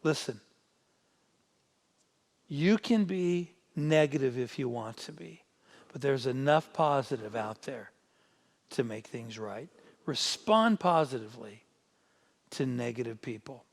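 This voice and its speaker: A man's voice: medium pitch, lively intonation, takes it slowly, pauses often, big-room sound. A man preaching a midweek sermon as pastor, retelling scripture in an emphatic, conversational way.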